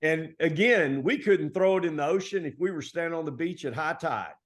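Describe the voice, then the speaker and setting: A middle-aged man from Texas, a basketball coach telling stories in a relaxed, folksy interview style full of colloquial turns. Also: a little high, fairly quick. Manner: folksy, animated storytelling with Southern colloquialisms. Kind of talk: conversational storytelling interview.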